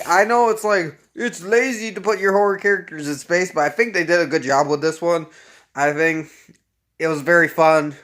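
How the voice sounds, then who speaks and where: A man's voice: fairly high pitch, a bit bright. A man casually reviewing horror films in a rambling, profane way, with lots of ums and uhs. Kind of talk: casual chat.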